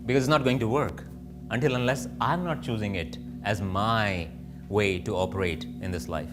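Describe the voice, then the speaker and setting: A man's voice: on the low side, moderate pace, over music. A man teaching yoga, reflective, asking and answering his own questions. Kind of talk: spoken yoga lesson.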